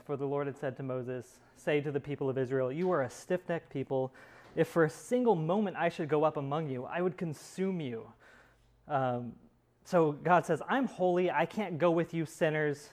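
Man leading a Bible class, slightly higher voice, loose and conversational with fillers. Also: darkish tone. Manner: conversational, explains with many fillers and restarts. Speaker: Bible study teacher.

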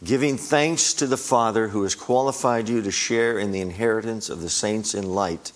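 A man's voice: fairly low pitch, normal speed. A middle-aged man preaching a sermon, emphatic and climbing on repeated words.

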